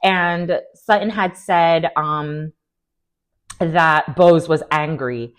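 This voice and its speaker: A woman's voice: low voice, very slow. A woman hosting a reality TV recap, talking casually with sass and strong opinions, often slipping into mocking voices for quotes. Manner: animated, sassy, acts out quotes in mocking voices.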